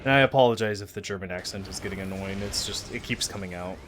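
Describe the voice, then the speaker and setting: A man's voice: low voice, quick pace, background noise. Chatty man streaming a game. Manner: chatty, rambling, self-deprecating. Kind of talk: casual gameplay commentary.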